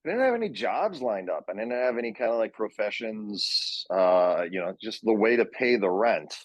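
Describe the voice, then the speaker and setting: Low-voiced man telling long anecdotes. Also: expressive, moderate pace, no room sound. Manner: rambling anecdotal storytelling. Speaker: guest, actor and session director. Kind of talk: casual chat.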